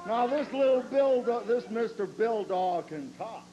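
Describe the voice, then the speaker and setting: A man's voice: extremely high pitch, animated, unhurried, warm tone, highs cut off, a little hiss or hum. A man cutting a boastful wrestling promo, cocky and mocking, laughing at his own jokes.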